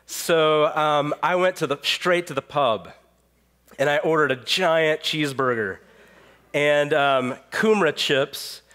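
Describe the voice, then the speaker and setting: A man's voice: on the high side, slow. Pastor in his thirties, with a cold. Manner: storytelling, relaxed with fillers. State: has a cold. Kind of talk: sermon. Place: church sanctuary.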